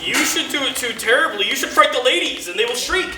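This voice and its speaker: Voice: high-pitched, animated, quick pace, a loud crowd. An actor playing a fussy carpenter who directs an amateur play, coaxing and organizing his troupe on a college stage. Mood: earnest. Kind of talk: live college stage performance. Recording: roomy stage audio from far off with faint noise.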